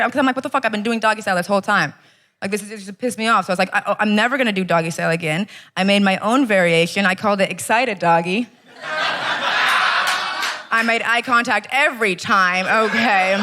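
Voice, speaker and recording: A woman's voice: on the high side, sharp tone. A woman performing a brash, punchy stand-up set in a comedy club. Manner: brash, punchy delivery with lots of "okay?". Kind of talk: stand-up routine. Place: comedy club stage, live audience.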